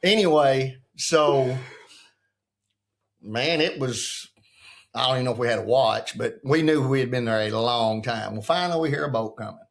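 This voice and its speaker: A man's voice: mid-range voice, moderate pace, gravelly. A man in his sixties, a retired football coach, telling a story in a casual chat and acting out what other people said in a folksy way. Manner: folksy, acts out the quotes of others.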